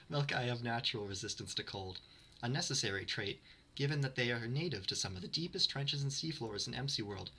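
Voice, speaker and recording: A man's voice: medium pitch, lively intonation, normal speed, pushed and bright, a little hiss or hum. A man streaming to his chat, reading lore aloud and breaking off for dry, sarcastic, self-mocking asides.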